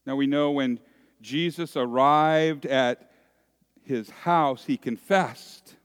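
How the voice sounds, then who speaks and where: A pastor preaching a sermon, telling a story dramatically and dropping at times to a hushed voice. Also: male voice, medium pitch, clear, resonant tone. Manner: slow, dramatic storytelling that swings from loud to hushed. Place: church sanctuary. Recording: long reverb of a church hall.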